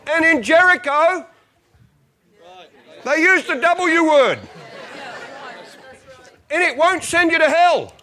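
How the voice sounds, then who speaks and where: A man's voice: extremely high pitch, expressive, takes it slowly, long pauses, bright, forceful tone, some chatter behind. A male pastor preaching a sermon as a comic, self-mocking story, often laughing through his lines.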